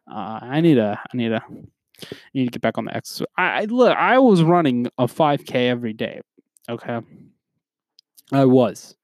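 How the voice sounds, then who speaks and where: A man's voice: mid-range voice, normal speed, no room sound. Young male podcast host, crude rambling rants, dry close sound. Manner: profane, animated, rambling. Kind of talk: casual ranting monologue.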